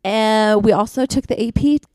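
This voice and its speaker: A woman's voice: on the high side, normal speed, darkish tone, no room sound. A woman in her twenties from Utah co-hosting a podcast in bubbly, giggly casual chat. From Utah, USA. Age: 20s. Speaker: podcast co-host.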